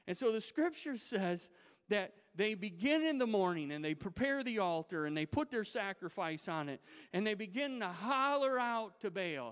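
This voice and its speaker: A male pastor delivering a sermon in a church, retelling a scripture story in a lively, dramatic way. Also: sits high, moderate pace, smooth. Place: church sanctuary. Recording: reverberant church hall.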